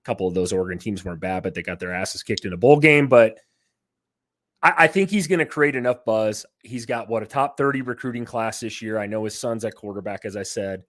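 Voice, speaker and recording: A man co-hosting a casual sports podcast, excitable and jokey, with lots of fillers. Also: fairly low pitch, brisk, dry recording, studio quality. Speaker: podcast co-host.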